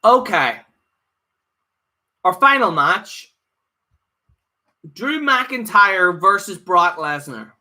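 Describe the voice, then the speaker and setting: A man reviews a wrestling show live in a casual, opinionated ramble, stumbling through fillers and restarts. His voice is high, bright and forceful, animated yet extremely slow, with long pauses.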